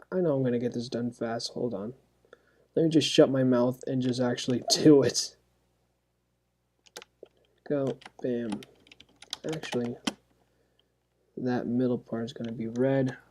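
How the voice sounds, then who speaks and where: A man's voice: medium pitch, steady tone, unhurried, long pauses, a little mellow. A man from South Florida chatting goofily to himself and viewers while coloring, with sound-effect words. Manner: goofy, rambling self-talk with sound effects. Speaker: artist coloring on stream. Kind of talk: casual chat while drawing.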